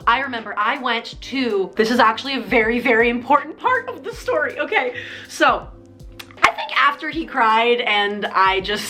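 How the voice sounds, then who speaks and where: A woman's voice: fairly high pitch, sharp tone. A woman in her twenties telling a dating story to camera, acting out both sides of the conversation. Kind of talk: storytime vlog.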